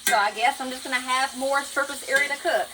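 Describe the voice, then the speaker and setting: Talking a little fast in a high voice over a noisy background, a Southern US woman narrates a casual cooking vlog from her home kitchen. She's a chatty, folksy home cook who calls her viewers y'all.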